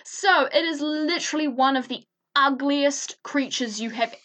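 A woman's voice: high-pitched, normal speed, a bit bright. A woman co-hosting a podcast, chatting casually, giggling often and swearing freely. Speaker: podcast co-host. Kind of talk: casual chat.

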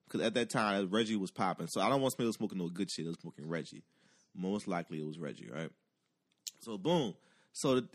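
Man, casual storytelling, lively swooping pitch, profane, acts out other people's voices.

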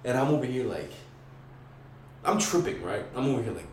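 A man's voice: mid-range voice, fairly quick, distant mic, over a noisy crowd. Slangy young man in an echoey room. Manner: slangy and profane, lots of "bro" and "like"; excitable, acts out voices and screams. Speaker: podcast guest. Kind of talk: casual storytelling. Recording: echoey room, away from mic, faint hiss.

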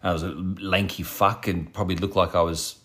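A man's voice: low voice, level tone, a little fast, a bit bright. A man, a podcast host casually telling a story, swearing and laughing as he goes. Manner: swears freely, laughs at his own stories.

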